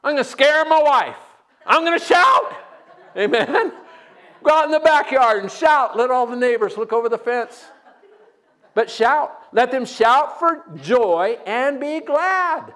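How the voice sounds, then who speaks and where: A man preaching a sermon as pastor, energetic and joking, breaking into loud shouts. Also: very high voice, a little slow.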